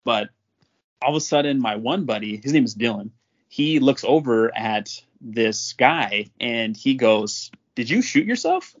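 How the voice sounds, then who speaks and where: Brief: young man, casual storyteller, mid-pitched, laughing often, muffled lo-fi audio. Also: measured pace. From North Dakota. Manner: animated, laughs often while telling. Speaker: podcast guest.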